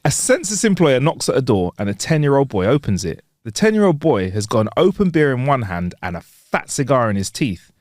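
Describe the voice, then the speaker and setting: A man co-hosting a casual podcast, telling jokes, quick to laugh and to apologize. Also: mid-range voice, very animated, a little mellow, dry recording, clean studio sound. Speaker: podcast co-host.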